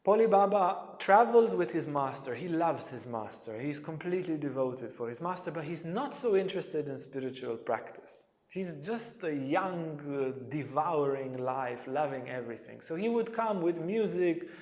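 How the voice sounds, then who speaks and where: Animated male yoga teacher in an echoey hall. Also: on the high side, moderate pace, few pauses. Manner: animated storyteller, acts out quotes. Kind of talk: storytelling lecture.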